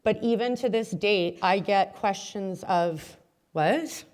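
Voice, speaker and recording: A woman's voice: medium pitch, measured pace, darkish tone, clean tone. A middle-aged woman mayor giving a heartfelt, chatty award-ceremony speech with many fillers.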